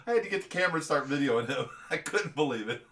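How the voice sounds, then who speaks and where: A man's voice: fairly high pitch, expressive, fast talker, fairly bright tone. A man co-hosting a casual livestream, telling a story with lots of laughter and acted-out quotes. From Ohio. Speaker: livestream co-host.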